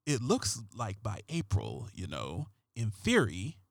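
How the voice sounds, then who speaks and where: A man putting on the voice of a deadpan TV crime detective, speaking low and slow with dramatic pauses. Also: gravelly, no echo, clean studio sound, exaggerated voice. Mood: deadpan hushed.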